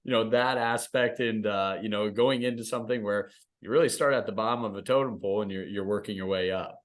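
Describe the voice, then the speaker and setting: A man's voice: lowish voice, steady tone, quick pace. A man hosting a podcast, asking conversational questions with frequent affirmations. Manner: conversational, frequent backchannel yeahs. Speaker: podcast host. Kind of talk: interview questions.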